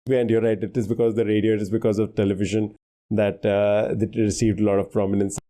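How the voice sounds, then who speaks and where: A man's voice: fairly low pitch, little pitch movement, quick pace, dark tone. A man co-hosting a podcast in casual chat, thinking aloud as he guesses quiz answers and laughing easily.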